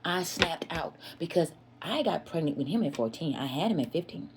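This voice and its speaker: A woman speaks in a fairly low voice, telling a candid personal story straight to her audience. She is emphatic and confessional and circles back over her own words. A faint hiss of noise sits under the recording. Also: lively intonation, normal speed. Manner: emphatic, repeats herself, often addresses listeners as "y'all"; confessional and earnest.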